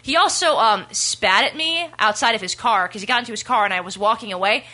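A young woman co-hosting a casual radio show, telling a story in an animated way, swearing freely and acting out what people said. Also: on the high side, brisk.

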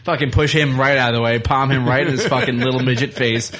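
A man's voice: mid-range voice, steady tone, fast talker, a bit bright, slight background noise. A man who wrestles and does comedy, telling crude stories in a casual radio chat and laughing through them. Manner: profane storyteller, laughs through his stories.

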